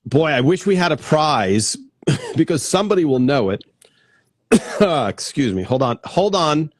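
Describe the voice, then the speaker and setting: A man hosting a casual interview over a video call, with quick asides and easy laughs. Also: a little high, sing-song, no echo. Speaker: host.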